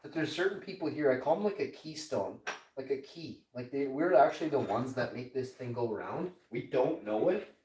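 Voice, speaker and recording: A man's voice: medium pitch, animated, normal speed, a little mellow, far from the mic, a little hiss or hum. Man in his 40s, swearing, rambling, mocking, roomy sound, away from the mic. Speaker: live streamer. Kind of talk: casual chat with an AI assistant.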